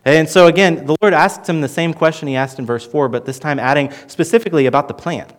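A man teaching through a Bible passage in an earnest sermon, with lively emphasis and frequent restarts. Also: a little high, fast. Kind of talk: expository sermon.

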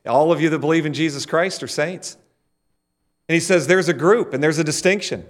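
A man's voice: on the high side, a little fast. A middle-aged man preaching a sermon and leading the congregation in call-and-response. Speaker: pastor.

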